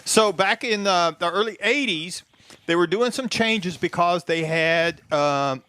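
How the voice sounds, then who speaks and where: A man's voice: sits high, measured pace, sharp tone, clear, resonant tone. A man with a Texan accent, chatting casually as a car show co-host and explaining racing history in a folksy, rambling way. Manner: folksy, rambling, laughs easily.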